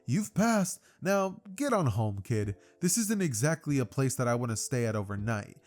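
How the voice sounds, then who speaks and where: A man voicing an elderly woman school nurse who talks in a brisk, dismissive way. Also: medium pitch, very animated, a little mellow, close to an everyday voice.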